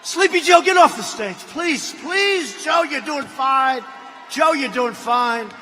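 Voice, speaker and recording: A man in a large hall mockingly playing panicked campaign handlers shouting at their candidate to leave the stage. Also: extremely high pitch, takes it slowly, faint music behind, heavily acted. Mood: frantic mocking. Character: panicked male campaign handlers yelling offstage. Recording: reverberant arena.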